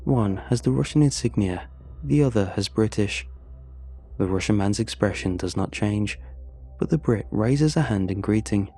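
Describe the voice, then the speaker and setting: A man narrating a first-person horror story in a measured, scripted storytelling manner. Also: lowish voice, warm tone, breathy edge, soft background music.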